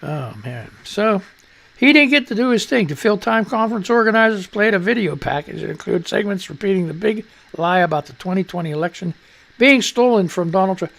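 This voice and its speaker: Gravelly guy hosting a live news stream, jokey and rambling, voice jumps all over. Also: sits high, lively intonation, a little fast, a bit bright. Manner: loose, jokey, mutters to himself, reads headlines aloud. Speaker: radio and livestream host.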